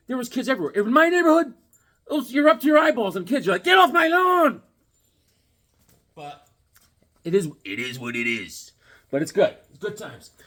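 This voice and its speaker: A husky middle-aged man rambles eagerly through a casual chat full of fillers. His pitch leaps around animatedly and sits a bit high for a man. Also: a bit bright. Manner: rambling and enthusiastic, many fillers. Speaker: comic book vlogger.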